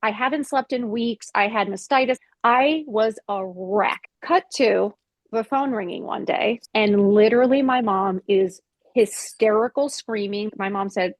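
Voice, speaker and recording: A woman in her fifties, a podcast guest, telling her story with blunt, expressive candor, swearing freely and acting out her own past words. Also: on the high side, normal speed, no echo. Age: 50s. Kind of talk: candid interview storytelling.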